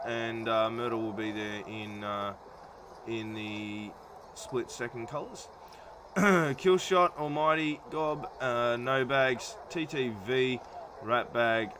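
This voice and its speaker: A man's voice: mid-range voice, background noise. A man doing casual live-stream commentary for an online racing league, talking with many fillers while feeling unwell. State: not feeling well.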